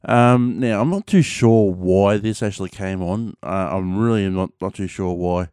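Rambling Australian man, low and smooth. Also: a little slow, a little mellow, no room sound, clean studio sound. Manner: rambling, many fillers and restarts, mild swearing. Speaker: podcast host. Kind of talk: casual solo chat.

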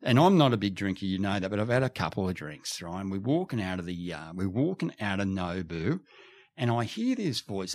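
Deep-voiced man telling stories. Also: brisk. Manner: animated storyteller with frequent restarts. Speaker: podcast guest. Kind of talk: casual storytelling in conversation. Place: radio studio.

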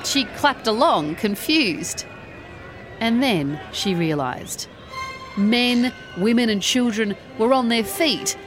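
Lively woman storyteller. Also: on the high side, slow pace. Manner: expressive, rising with excitement. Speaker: podcast host and narrator. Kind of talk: storytelling narration. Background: background music.

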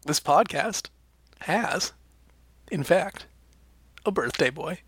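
A man's voice: a little high, animated, slow, a bit bright, husky, no room sound. A young man co-hosting a podcast, rambling through silly jokey bits in casual chat. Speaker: podcast co-host.

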